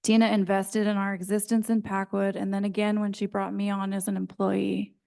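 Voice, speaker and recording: A woman's voice: medium pitch, monotone, fairly quick, creaky, dark tone. A woman reading an earnest prepared statement as a public commenter at a county planning meeting.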